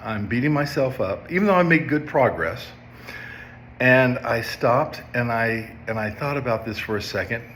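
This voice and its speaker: A man's voice: mid-range voice, animated, normal speed, a bit bright, a little hiss or hum. A man in his fifties, a substance abuse counselor, telling a personal story to viewers in a conversational way, often checking in with "okay?". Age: 50s.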